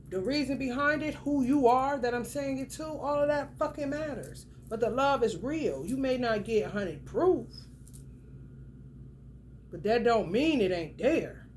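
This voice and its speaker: Woman doing a tarot reading, kinda high voice, blunt and cussing a lot, talks right at you. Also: slight background noise. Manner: blunt, profane and emphatic, talks straight to the viewer. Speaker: tarot reader. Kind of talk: casual tarot reading monologue.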